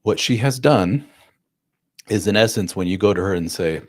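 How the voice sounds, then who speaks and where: On a live stream, a low-voiced man answers viewer questions with blunt, casual relationship advice for divorced dads, addressing them as man and dude. He talks at a moderate pace with long pauses, acts out quoted voices animatedly, and the studio-quality sound has no room tone.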